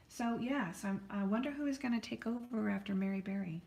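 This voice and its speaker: A woman's voice: a little high, brisk, creaky, few pauses, darkish tone, echoey room, a little hiss or hum. An American woman hosting a live painting stream from her art studio, chatting and rambling in a friendly way to viewers as she paints. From United States.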